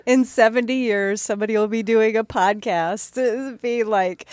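A woman's voice: fairly high pitch, steady tone, moderate pace, hardly any pauses, a little mellow, no room sound. A woman co-hosting a podcast, chatting in a playful, joking way. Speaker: podcast co-host. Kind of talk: casual podcast chat.

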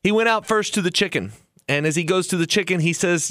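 A man hosting a retirement podcast, talking earnestly and telling a folksy story, slowing down for emphasis. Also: sits high, fairly bright tone, dry recording, studio quality. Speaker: host and financial planner.

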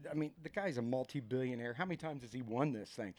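A man in his fifties from a racing team, telling stories in an animated, emotional way. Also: medium pitch, fast talker. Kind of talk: casual storytelling.

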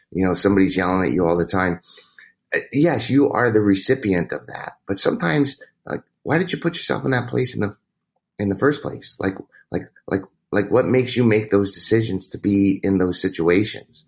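A man with a fairly low voice talks as a guest in an interview. He tells a candid personal story in a rambling way, with restarts and quoted dialogue.

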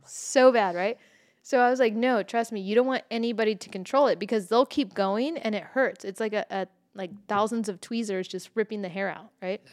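A woman's voice: medium pitch, brisk, dry recording, studio quality. A woman co-hosting a podcast in casual chat, telling stories through laughter and plenty of swearing. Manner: laughing storyteller, swears freely. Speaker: podcast co-host.

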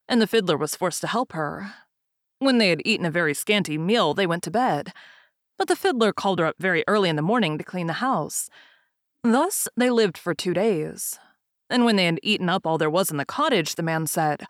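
Fairy-tale reader: woman, lowish voice, calm and even, dry close sound. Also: normal speed, no room sound. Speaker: narrator. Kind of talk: fairy tale read-aloud.

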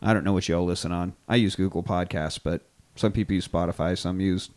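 A man's voice: deep voice, fairly even intonation, fairly quick, a little mellow. A man co-hosting a podcast, chatting casually, rambling and swearing often. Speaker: podcast co-host. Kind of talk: casual chat.

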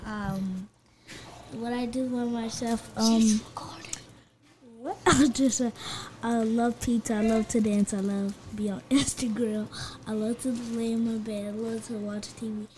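Young woman, high voice, slow talk, giggly, playful, casual chat. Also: steady tone, darkish tone, slight background noise.

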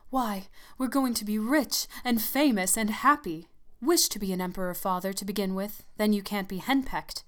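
A woman's voice: mid-range voice, normal speed, fairly bright tone, clean tone, lightly acted. Woman voicing a teasing young son. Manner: teasing, mock-serious.

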